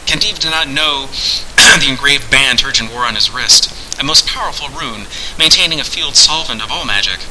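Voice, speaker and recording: A man narrating a fantasy story aloud in a measured, dramatic way. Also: mid-range voice, lively intonation, very noisy.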